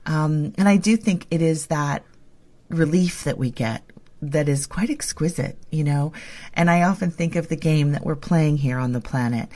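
A woman co-hosting a spiritual podcast, talking in a gentle, flowing, reassuring way. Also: deep voice, normal speed. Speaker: podcast co-host. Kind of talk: casual spiritual chat.

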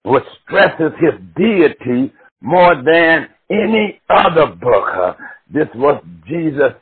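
A man preaching a sermon with passion, swinging from shouted cries to hushed murmurs and drawing out words slowly. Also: fairly high pitch, sing-song, husky. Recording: tinny phone-like recording.

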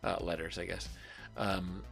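A man's voice: low-pitched, level tone, unhurried, gravelly, fairly bright tone, faint music behind. A man hosting a podcast, chatting casually and laughing, swearing now and then. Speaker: podcast host. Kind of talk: casual chat.

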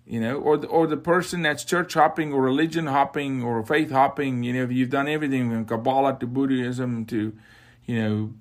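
A man's voice: medium pitch, steady tone, a little fast. Man, podcast host, impassioned, exhorting, mid-range voice. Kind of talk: faith podcast conversation.

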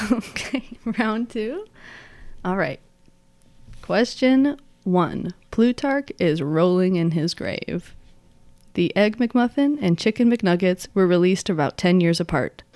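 A woman runs the trivia rounds in a playful, lightly teasing manner. Her voice sits a touch low, and the recording is dry and close. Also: animated, slow pace, a little mellow, no room sound. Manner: playful, drops into whispers. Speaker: quizmaster. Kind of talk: reading trivia questions on a podcast.

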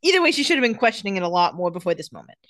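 A woman co-hosting a casual podcast, recapping a TV episode and paraphrasing its dialogue. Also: medium pitch. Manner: animated, reads out dialogue in quick paraphrase. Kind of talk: casual chat.

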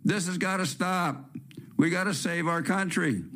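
An older man with a slightly high voice hosts a talk-radio show in a blunt, rambling rant. He jumps from one complaint to the next and keeps his opinions loud and plain. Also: a little slow. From California. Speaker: host. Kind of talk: ranting talk-radio monologue.

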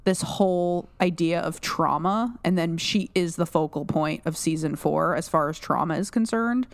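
Low-voiced woman analyzing a show. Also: normal speed, no room sound. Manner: analytical, rambling with many restarts and "like". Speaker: podcast co-host. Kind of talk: casual podcast discussion.

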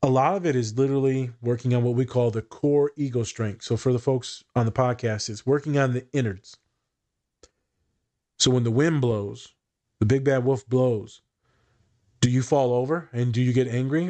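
A man's voice: mid-range voice, moderate pace. A young man talking casually on a podcast as a therapist, cursing freely and often repeating words as he thinks aloud. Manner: swears freely, quotes others in animated voices, repeats words.

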